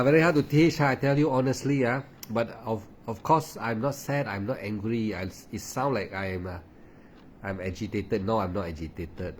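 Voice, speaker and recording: A man leads a meditation talk, pressing his points and checking in with his listeners. His voice sits a little low. A faint steady hum runs underneath. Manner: insistent, repeats and asks "huh?" often. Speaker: meditation teacher. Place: at home late at night.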